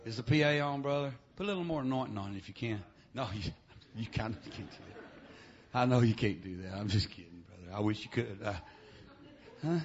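Shouting preacher with "amen" fillers. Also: male voice, lowish voice, brisk, dull audio. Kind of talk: revival sermon. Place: church.

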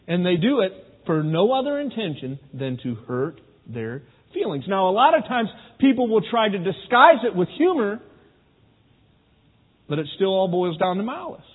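A man's voice: sits high, husky. A man preaching a sermon, talking easily to his congregation and often asking them questions. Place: church sanctuary. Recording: phone-like, with long hall reverb.

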